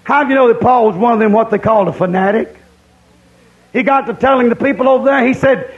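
A man's voice: extremely high pitch, fairly quick, long pauses, muffled recording. A man preaching a camp-meeting sermon, emphatic and repeating his points.

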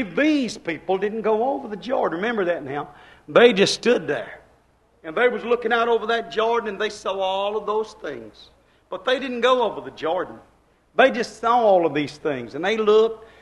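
A man preaching a sermon as pastor, swinging from quiet asides to shouted exclamations in a repetitive, emphatic cadence. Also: high-pitched, low-quality recording. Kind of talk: Pentecostal-style sermon.

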